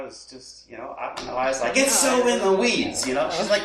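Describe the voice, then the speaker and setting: With a fairly high voice, this lead pastor talks a little fast and barely pauses, while crowd noise sits in the background. In casual, lively chat he plays out people's inner self-talk and laughs frequently, captured by a distant mic with a roomy sound.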